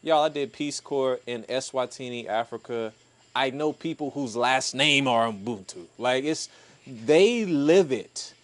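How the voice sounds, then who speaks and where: A man's voice: medium pitch, normal speed, fairly bright tone. A man co-hosting a podcast, explaining his ideas in a thoughtful and emphatic way. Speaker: podcast co-host. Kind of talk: casual conversational discussion.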